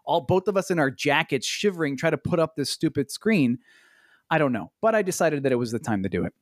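Podcast man, ranting storyteller, dry close sound, big pitch swings. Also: brisk, dry recording. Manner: animated, exasperated, swears a lot, jumps in pitch. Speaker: podcast co-host. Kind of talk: casual storytelling chat. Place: Los Angeles.

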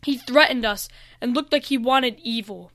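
A woman doing a young boy hero with an eager voice that climbs high and loud. The tone is bright and smooth, with a dry, close sound. It is part of a storybook read-aloud. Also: normal speed, dry recording. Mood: urgent.

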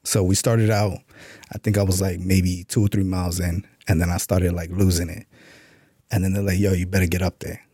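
A man's voice: sits low, level tone, brisk, dark tone, breathy edge, dry recording, studio quality. A man being interviewed on a podcast, telling a story in a laid-back way and swearing casually. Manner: laid-back, profane, full of "you know what I'm saying". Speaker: podcast guest, author and Army veteran.

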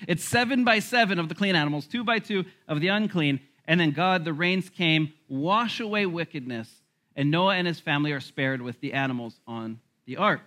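Man, pastor, sermon, fairly high voice, lively asides. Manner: animated preaching with laughs and asides.

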